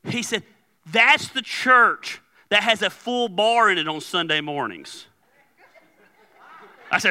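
A man's voice: high-pitched, expressive, slow, long pauses, pushed and bright. A male pastor preaching in a loose, conversational way, telling stories and acting out the dialogue. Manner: conversational storytelling with laughs and quoted dialogue. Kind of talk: sermon.

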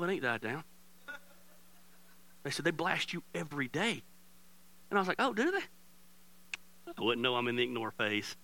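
A middle-aged man preaching a sermon as pastor, candid and joking, with swings from loud to quiet. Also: a little high.

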